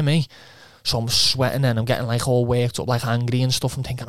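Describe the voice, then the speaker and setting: A man's voice: medium pitch, steady tone, fast, hardly any pauses, no echo, studio quality. A young man telling a rambling, swearing footballer's anecdote, quoting himself and laughing often. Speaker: footballer guest. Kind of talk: casual anecdote.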